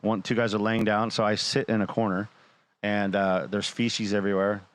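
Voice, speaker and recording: Speaking at normal speed in a fairly low pitch, this guest or panelist on a show spins a long personal story casually. He's animated, quoting the people involved and performing their lines to him as dialogue.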